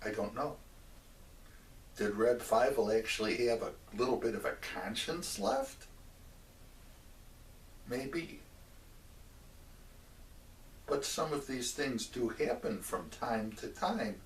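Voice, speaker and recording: A man telling a religious story in a measured way, stopping for asides to the listener. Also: medium pitch, lively intonation. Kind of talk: oral storytelling of a religious tale. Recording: roomy echo, mic at a distance.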